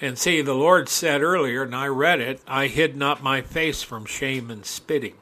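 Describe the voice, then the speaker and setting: A male preacher delivering a sermon, reading scripture aloud and breaking into folksy asides, climbing to loud, impassioned peaks. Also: mid-range voice, normal speed.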